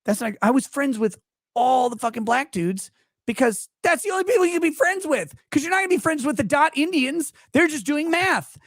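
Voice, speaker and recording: A man's voice: extremely high pitch, animated, a little fast, a bit bright, no echo, clean studio sound. A man in his forties from Houston, a podcast guest telling a rambling, profane story in casual chat. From Houston, Texas.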